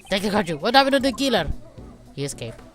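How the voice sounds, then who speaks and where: A woman's voice: mid-range voice, very animated, fast talker, soft background music, natural voice. Woman doing a deferential detective with a put-on accent. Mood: reporting. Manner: respectful, ends lines with "sir".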